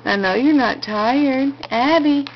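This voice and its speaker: A woman's voice: sits high, slow pace, muffled recording, a little hiss or hum. A mother talking to her baby in a home video, with coaxing, sing-song baby talk.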